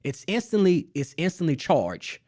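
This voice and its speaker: Man, casual storytelling, animated, repeats phrases, dry room. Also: fairly high pitch, moderate pace, dry recording. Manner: animated, repeats phrases, laughs while telling. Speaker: guest artist.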